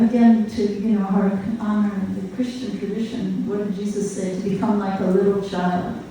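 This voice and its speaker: An older woman giving a gentle devotional talk at a retreat, conversational, often checking in with her listeners. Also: mid-range voice, slight background noise. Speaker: spiritual teacher. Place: retreat hall. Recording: echoey hall, voice from far off.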